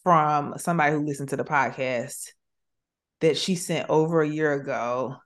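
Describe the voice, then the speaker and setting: A woman hosts a podcast in low, deep tones. She talks casually and expressively. She calls her guest sis and baby. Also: moderate pace. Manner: warm, expressive, uses 'sis' and 'baby'. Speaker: podcast host, therapist. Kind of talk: casual faith chat.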